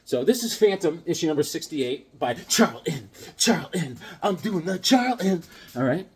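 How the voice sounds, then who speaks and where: A comic collector chatting on his channel with a bouncy, up-and-down delivery. He is jokey and theatrical and keeps slipping into silly bits between the stories. His voice sits a bit high for a man. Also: very animated, unhurried. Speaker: comic book collector and video host. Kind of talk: casual vlog chat.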